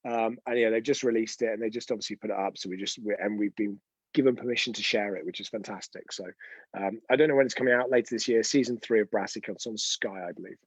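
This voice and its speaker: A man's voice: lowish voice, fast, husky, no room sound, poor audio. A man hosting an unscripted live stream, telling chatty, rambling anecdotes with frequent restarts. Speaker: host of a weekly live show.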